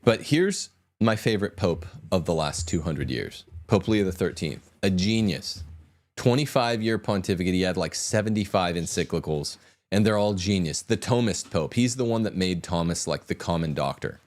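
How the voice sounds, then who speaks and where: A man's voice: low-pitched, animated, normal speed. A man hosting a podcast, talking in an emphatic, combative way with sweeping asides. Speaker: podcast host. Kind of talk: opinionated podcast talk.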